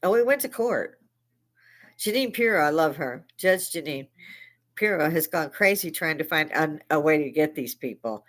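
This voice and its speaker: An older woman hosting a live stream, delivering a heated, profane political rant that keeps rising into shouting. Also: low voice, expressive, moderate pace. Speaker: livestream host. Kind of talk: veteran speaking.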